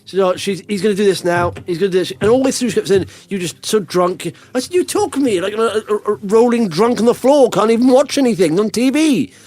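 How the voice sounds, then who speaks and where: Animated man, high lively voice. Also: fast, hardly any pauses. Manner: rambling storyteller with many restarts and fillers. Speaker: podcast host. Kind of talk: casual chat.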